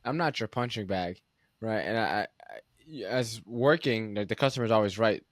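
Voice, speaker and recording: Young man hosting, low and dry. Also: expressive, normal speed, no room sound. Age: young adult. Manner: loose, filler-heavy, says "like" often. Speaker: podcast host. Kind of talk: casual interview chat.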